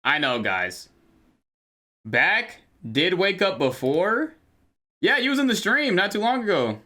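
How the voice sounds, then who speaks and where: A man's voice: sits high, big pitch swings, measured pace, bright, forceful tone. A young man streaming live, chatting casually with viewers and exclaiming and repeating himself when startled.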